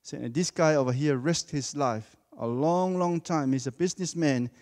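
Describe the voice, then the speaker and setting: A man's voice: on the high side, moderate pace, a little mellow, in a large hall. A man preaching a sermon in a church, speaking emphatically and repeating key words for effect.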